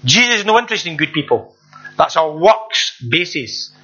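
A man's voice: fairly high pitch, sing-song, normal speed, bright, forceful tone, husky. A man preaching a sermon in an earnest, conversational way, repeating himself and asking the listeners rhetorical questions. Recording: dull lo-fi recording.

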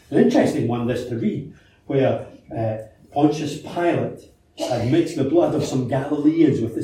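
A man's voice: mid-range voice, dark tone, slight background noise. Man preaching in an echoey church. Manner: conversational preaching with rhetorical questions and anecdotes. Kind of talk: sermon. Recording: very echoey church hall from a distance.

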